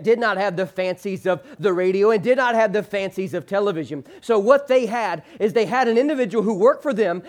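Man, pastor, sermon, high voice, call-and-response, phrase endings trailing low. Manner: preacher leading the congregation in call-and-response, slowing hard on the key phrase; drops low and soft at the ends of phrases. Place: church sanctuary with a screen behind him.

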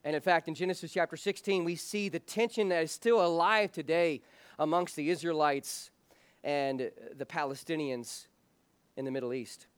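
A man's voice: on the high side, moderate pace, clear, resonant tone, no echo. A man preaching a sermon as pastor, speaking earnestly and frankly, often restarting his phrases.

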